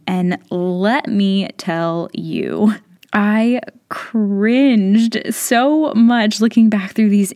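A woman's voice: mid-range voice, a little mellow. A woman in her thirties hosting her own podcast, talking straight to listeners in a chatty, encouraging way with lots of casual fillers. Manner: chatty and encouraging, many "like" and "you know" fillers. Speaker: podcast host. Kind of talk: solo podcast monologue.

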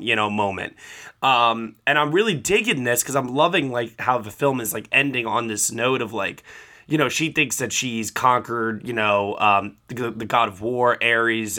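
Rambling man with a bright voice. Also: medium pitch. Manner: rambling, ranting, many fillers. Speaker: film podcast co-host. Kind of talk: casual film review chat.

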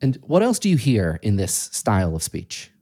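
A man hosting an interview, asking slow, deliberate, thoughtful questions. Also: on the low side, huge pitch swings, mellow, slightly rough. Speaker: podcast host.

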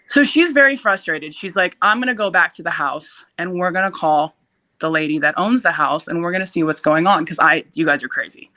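A young woman recounting a frightening encounter as a podcast guest. She talks casually and breathlessly, filling her sentences with "like," and jumps up into loud shouts when she quotes herself. Her pitch sits in the middle. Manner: uses many fillers like "like". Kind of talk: casual storytelling.

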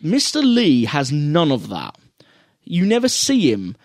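A man chatting casually on a podcast, his pitch swinging up and down as he riffs. He swears freely and quotes lines in funny voices. The sound is dry and close. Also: wildly swooping pitch, unhurried, no echo. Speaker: podcast co-host reviewing a film. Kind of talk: casual chat.

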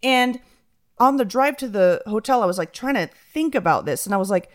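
A young woman talks casually with her co-host and tells a story with animated energy. She slips into voices to quote people. Her pitch sits in the middle range. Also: a little fast. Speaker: podcast co-host.

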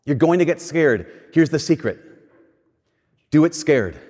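A man delivering a conversational sermon as a pastor, slowing down for emphatic lines and speeding up through quick asides. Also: on the high side, expressive, darkish tone. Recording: long hall reverb.

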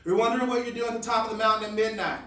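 A man's voice: high-pitched, very fast. A man playing a brash, crude park ranger. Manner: loud, brash and excitable. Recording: roomy, distant-mic recording.

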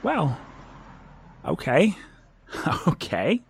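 A man's voice: on the high side, wildly swooping pitch, drawn-out words, creaky, breathy edge, dry recording, exaggerated voice. A man voicing a nervous young man who stammers, laughs nervously and turns tearful while proposing, in audio drama acting.

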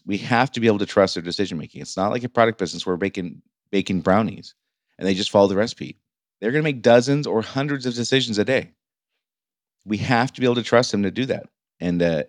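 A man's voice: sits low, no room sound. A middle-aged man hosting a solo business podcast, talking informally and often stumbling and restarting his sentences. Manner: informal, stumbling over words with many restarts. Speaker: podcast host and business coach.

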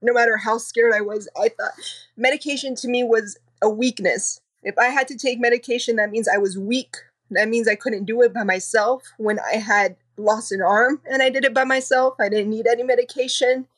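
A woman's voice: on the high side, steady tone, fairly bright tone. Woman, podcast guest, earnest, emotional, personal storytelling. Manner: earnest, emotional, quick recounting.

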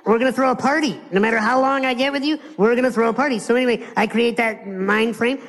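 A man from the United States giving a live motivational speech to an audience. He is playful and animated, and he acts out other people's lines. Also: extremely high pitch, fast talker, creaky. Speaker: motivational speaker. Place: large hall before an audience. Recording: long hall reverb.

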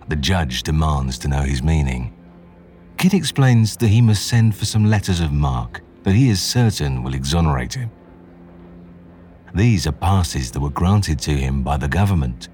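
Man, extremely low voice, podcast host, scripted dramatic narration, measured delivery, faint music behind. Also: a little mellow. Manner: measured, slow storytelling.

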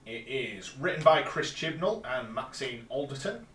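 A man's voice: mid-range voice, very animated, moderate pace, a bit bright, a little hiss or hum. A man recapping an episode plot step by step on a casual podcast, with dry little asides. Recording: roomy, distant mic.

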